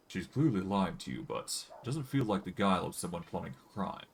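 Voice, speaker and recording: A man's voice: deep voice, fairly quick, creaky, hardly any pauses, slight background noise. A man streaming a fantasy role-playing game, casually thinking aloud and narrating the game's text. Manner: relaxed, thinking aloud with fillers.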